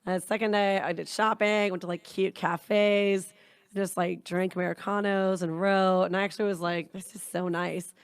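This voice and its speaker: Her voice is medium-pitched, clear, and resonant, at normal speed and free of room sound: a young Canadian woman co-hosting a podcast. She tells an animated, meandering story in casual chat, with swearing scattered throughout.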